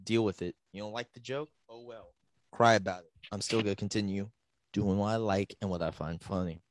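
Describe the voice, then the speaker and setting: A man's voice: lowish voice, fairly even intonation, fairly quick, no room sound. A young man co-hosting a podcast, telling stories in a casual, profane way and acting out the voices of people in them. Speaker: podcast co-host. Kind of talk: casual storytelling.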